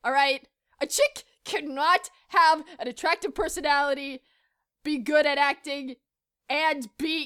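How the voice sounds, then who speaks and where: A woman's voice: high-pitched, slow, fairly bright tone. A woman in a comic rant, exasperated and stammering, with mock outrage and heavy swearing. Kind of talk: comedic rant to camera.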